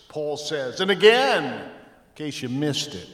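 Slow, emphatic preaching man in an echoey hall. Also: expressive, fairly bright tone. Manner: emphatic preaching with dramatic pitch swings. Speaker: pastor. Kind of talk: sermon. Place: church sanctuary.

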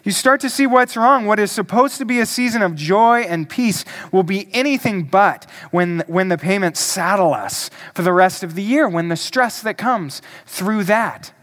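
A male pastor preaching a sermon, emphatic and deliberate, asking the congregation questions. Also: sits high, animated, fairly bright tone.

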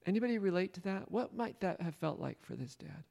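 Man, Bible study leader, high voice, interactive questions, frequent laughs. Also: lively intonation, a little fast, gravelly, warm tone. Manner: asks the group questions and retells the story; laughs often.

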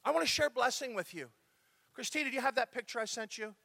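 A man preaching a sermon as pastor, talking to his congregation in a lively, conversational way. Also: extremely high pitch, fast talker, gravelly, dry recording.

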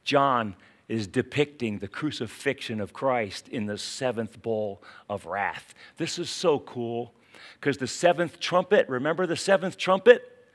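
A man with a West Virginia accent preaching a sermon, dropping to quiet asides and then rising to urgent, emphatic calls. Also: medium pitch, lively intonation, measured pace. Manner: dramatic swings from hushed asides to urgent exclamations. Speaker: pastor.

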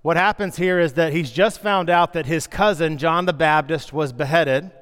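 A man preaching a sermon, telling the story with lively, acted-out asides. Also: on the high side, normal speed, smooth. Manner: animated storytelling, acting out scenes. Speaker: pastor. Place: church sanctuary. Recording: long reverb of a large hall.

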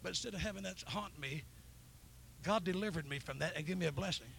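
A man's voice, pitched high with a gravelly edge, carries a revival sermon through a church. He is middle-aged and talks with fervent storytelling energy. Hallelujahs punctuate his lines. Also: quick pace, a bit bright, a little hiss or hum. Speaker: preacher. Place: church sanctuary.

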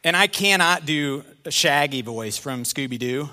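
A middle-aged male pastor preaching a sermon in an animated, conversational way with self-deprecating humor. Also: fairly high pitch, a little slow.

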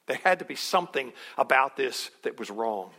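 Lively bright-voiced male preacher. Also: medium pitch, normal speed, husky. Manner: animated, acts out quotes, chuckles. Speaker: pastor. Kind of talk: sermon.

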